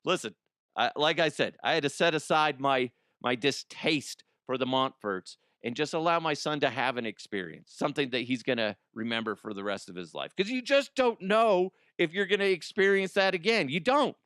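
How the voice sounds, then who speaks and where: A man's voice: a little high, sing-song, moderate pace, a bit bright, smooth, dry recording, studio quality. A middle-aged man hosting a podcast in a casual comedic monologue, rambling and profane, congested from allergies. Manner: rambling, profane, laughs at own jokes. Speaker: podcast host.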